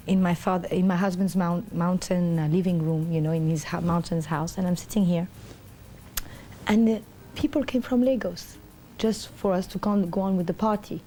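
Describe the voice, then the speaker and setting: With a little hiss or hum in the background, a middle-aged woman with a lowish voice speaks as an interview guest. She animatedly tells a rambling personal story with many fillers, acting out the voices of others.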